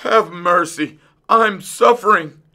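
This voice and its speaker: A man's voice: on the low side, very slow, fairly bright tone, clear, resonant tone. A man voicing a desperate male fox who wails and whimpers with a toothache. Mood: pleading. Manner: whimpering, pleading.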